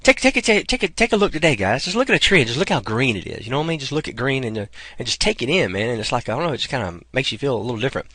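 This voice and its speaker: A man's voice: medium pitch, very animated, racing, hardly any pauses, sharp tone, no room sound. A man talking in a rambling, casual vlog, calling his viewers "guys" and "man". He is getting over a cold and coughs. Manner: chatty, keeps saying "guys" and "man". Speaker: vlogger promoting an online income program. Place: outdoors.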